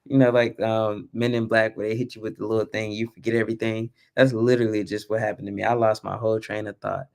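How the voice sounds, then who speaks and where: A man's voice: little pitch movement, quick pace, creaky. A young man hosting a live stream, talking casually and with animation, rambling and at times losing his train of thought. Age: young adult. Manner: lowers his voice so as not to wake the kids. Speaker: vlog host.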